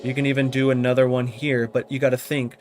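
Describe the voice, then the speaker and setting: A man's voice: mid-range voice, little pitch movement, quick pace, over loud music. A man casually teaching drum programming in his home studio, thinking aloud and often checking in with "you know what I mean?". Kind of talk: casual live tutorial.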